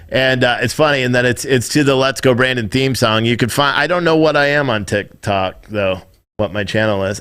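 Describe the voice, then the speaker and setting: A man's voice: mid-range voice, fairly bright tone. A man in his thirties hosting a live stream, rambling and swearing as he reads chat. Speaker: live streamer, news show host. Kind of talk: casual live-stream commentary.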